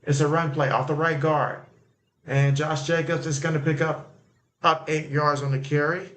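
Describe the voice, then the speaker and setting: Chatty man calling a game live, slightly high voice. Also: steady tone, normal speed, a bit bright. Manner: loose and conversational, many fillers, reacts to plays as they happen. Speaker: livestream sports host. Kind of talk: casual live game commentary and chat reading.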